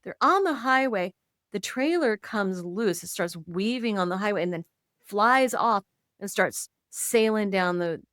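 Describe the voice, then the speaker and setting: A woman guest on a podcast, telling stories in an animated way and slipping into quoted voices. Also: medium pitch, unhurried, no echo, studio quality. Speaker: podcast guest, intuitive and author. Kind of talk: conversational storytelling.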